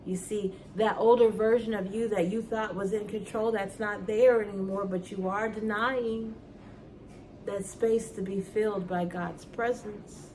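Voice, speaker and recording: A woman's voice: medium pitch, steady tone, measured pace, a little mellow, distant mic, slight background noise. A woman talking earnestly and emotionally to her viewers about faith in a personal vlog at home. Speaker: vlogger. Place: at home indoors.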